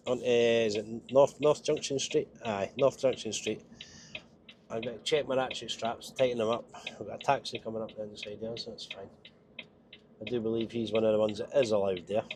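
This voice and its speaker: A Scottish man talks from his truck cab with a stuffy, nasal voice from a cold. He chats in a wry, self-mocking way at an ordinary middle pitch. A faint engine hum sits behind him. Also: moderate pace, a little mellow. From Scotland. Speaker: truck driver vlogger. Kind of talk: casual driving vlog.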